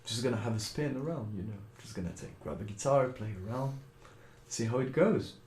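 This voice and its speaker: French-accented man, animated, roomy sound. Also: medium pitch, a little fast, a little hiss or hum. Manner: animated storyteller, laughs often, swears casually. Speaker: guest guitarist. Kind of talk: casual chat. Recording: roomy echo.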